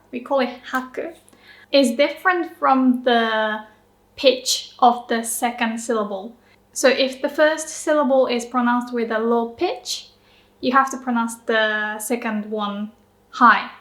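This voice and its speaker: A Japanese woman teaching pronunciation in a chatty, upbeat video lesson, slowing down to demonstrate words. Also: on the high side, reverberant.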